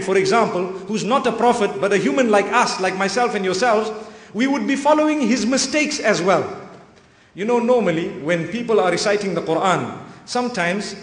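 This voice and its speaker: A man delivers an earnest, emphatic sermon, his voice pitched fairly high for a man. His words ring out with a long reverb through a roomy prayer hall. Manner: earnest, emphatic, with frequent Arabic phrases. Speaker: preacher.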